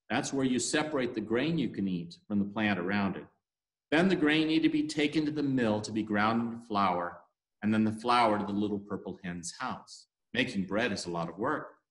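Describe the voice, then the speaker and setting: A man leading worship, telling a story for all ages with animated storytelling, in an echoey room. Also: medium pitch.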